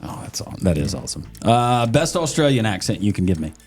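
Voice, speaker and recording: Easygoing male podcast host, mellow tone. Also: lowish voice, sing-song, soft background music. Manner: easygoing, asks quick questions. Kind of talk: casual interview.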